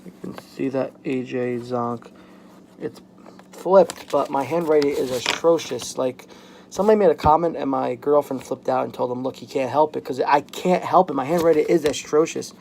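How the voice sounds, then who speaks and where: A young man talking frankly in a personal vlog at home, halting and full of "like" fillers. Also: mid-range voice, creaky, darkish tone, a little hiss or hum. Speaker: vlogger. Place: home, at a workbench.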